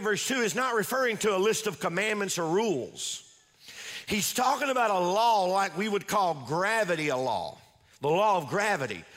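A high-voiced man preaching a sermon to his congregation, drawing out key words and stopping to have them answer or read aloud. He stumbles and repeats words as he builds each point. His voice rings with the long reverb of a church hall. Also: fairly bright tone. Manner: call-and-response preaching, drawn-out emphasis, repeats words. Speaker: pastor. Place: church sanctuary.

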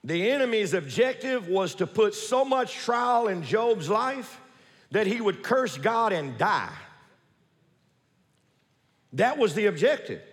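High, lively-voiced male preacher in echoing church. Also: slow pace, long pauses. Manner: animated, folksy preaching with joking asides to the congregation. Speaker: pastor. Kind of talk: sermon.

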